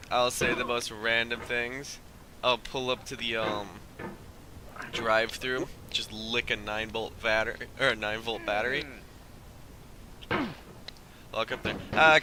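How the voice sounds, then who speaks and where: A man's voice: medium pitch, noisy background. A man streaming a video game, rambling through jokey stories and laughing often as he plays. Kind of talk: casual gameplay commentary. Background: game music.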